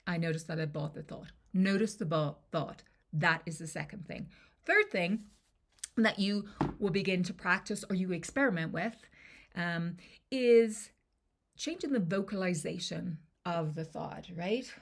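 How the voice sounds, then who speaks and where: A woman coaching on confidence, her voice sitting low with a gravelly, fry-tinged edge. She talks it through conversationally, pausing to check in with the listener as she teaches. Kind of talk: coaching lesson to camera.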